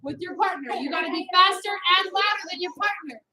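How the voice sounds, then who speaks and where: In a noisy martial arts studio, a woman instructor teaches children karate with an extremely high, pushed, bright voice that runs a little fast. She gives commands and demands "yes, ma'am" replies from the class.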